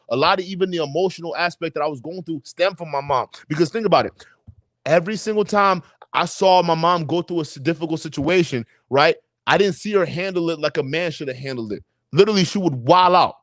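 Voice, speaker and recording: A young adult man on a livestream chat, telling personal stories in a lively, profane way and acting out the voices of people he quotes. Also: sits high, fairly quick, no echo. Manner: animated storytelling, acts out quoted voices, profane. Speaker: podcast co-host.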